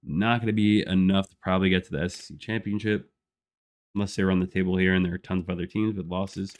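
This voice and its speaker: A man's voice: low-pitched, fairly even intonation, fast talker. A young man chatting casually on a live gameplay stream, rambling with lots of fillers and frequent laughs. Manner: rambling, laid-back, many "like" fillers, laughs often. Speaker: gaming streamer.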